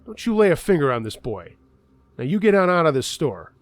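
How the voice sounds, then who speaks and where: A man voicing a protective old grandfather who scolds loudly and sternly. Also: a little high, big pitch swings, slow pace, no room sound, pitched above the performer's own voice, full character voice.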